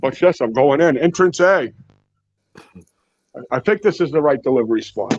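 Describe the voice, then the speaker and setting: A man with a New England accent, calling in while driving, rambling and swearing in a loud, rowdy way. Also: medium pitch, lively intonation, moderate pace, dry recording. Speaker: regular caller. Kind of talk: casual chat while driving. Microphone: phone. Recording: lo-fi phone audio.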